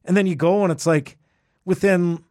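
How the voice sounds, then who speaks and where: A man as an interview guest, talking with animated enthusiasm and often restarting his phrases. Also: sits high, moderate pace, dry recording, studio quality. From Canada. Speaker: guest, traveller. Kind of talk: casual conversational interview.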